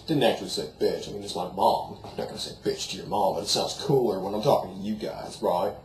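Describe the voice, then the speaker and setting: A man's voice: sits low, fast, a little mellow. A young man putting on a goofy, dim-witted young guy who rants in a crude, profane slacker drawl. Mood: ranting. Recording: roomy echo, faint background noise.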